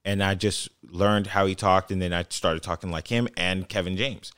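A man's voice: low-pitched, flat delivery, normal speed, fairly bright tone, clean tone, no room sound, clean studio sound. A man, not a native English speaker, co-hosting a podcast and telling stories in casual chat. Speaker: podcast co-host.

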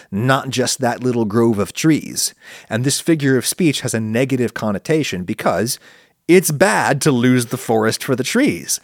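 A man hosting a podcast, making his case to listeners in an animated, argumentative monologue. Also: dry recording, studio quality. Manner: animated, argumentative, swings pitch for emphasis. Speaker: podcast host answering listener questions. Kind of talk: casual spoken monologue.

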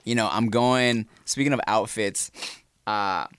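A man's voice: fairly low pitch, fairly even intonation, a little slow, fairly bright tone, clear, resonant tone. A man co-hosting a podcast, telling stories in casual chat, swearing freely and slipping into playful put-on voices. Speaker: podcast co-host.

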